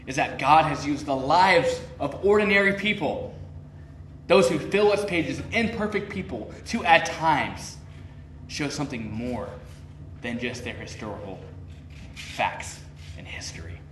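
A man's voice: medium pitch, fairly bright tone, far from the mic, slight background noise. A man preaching a sermon in a conversational way, pressing his points with rising, emphatic questions and acting out the people he quotes. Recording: roomy echo, voice from off-mic.

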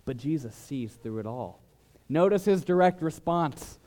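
A man preaching a sermon, who swings between loud, emphatic lines and quiet, dropped asides. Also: measured pace. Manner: dramatic shifts in loudness, mimics flatterers in higher voice. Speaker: pastor.

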